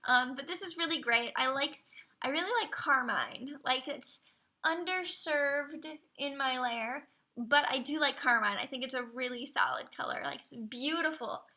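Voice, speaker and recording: A woman with a high, bright voice chats through a live stream in an upbeat, playful way. She fills the stream with eager, friendly commentary and sometimes drops into a soft whisper. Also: lively intonation, normal speed. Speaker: streamer reviewing viewers' dragons. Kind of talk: casual live-stream chat.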